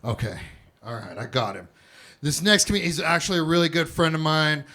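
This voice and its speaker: A man's voice: a little high, lively intonation, fairly quick, sharp tone. A man hosting a live comedy show, with loose, joking banter on stage. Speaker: host.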